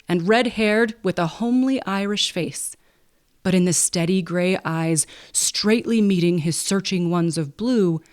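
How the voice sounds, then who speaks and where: A woman with a slightly low voice reads a classic novel aloud. Her narration is even and unhurried, the pace of a calm storybook reading. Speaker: audiobook narrator and podcast host.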